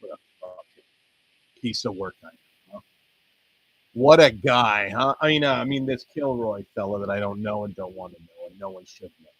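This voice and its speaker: A man's voice: on the low side, normal speed, fairly bright tone, slightly rough, no echo, rough recording. A man hosting his own stream, rambling casually with frequent swearing. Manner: rambling, swears and laughs often. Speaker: stream host.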